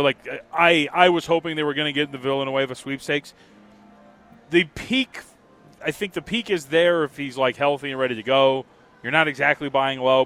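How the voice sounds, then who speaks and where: A man co-hosting a sports betting radio show, excitable and jokey. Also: medium pitch. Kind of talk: casual sports talk.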